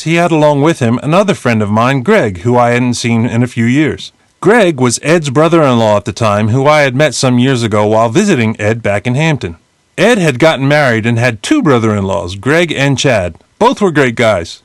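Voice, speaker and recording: Male narrator, 50s, from New Jersey; blunt, animated storyteller reading his own audiobook memoir, medium pitch. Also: dry recording, studio quality. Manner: lively, blunt storytelling with casual swearing.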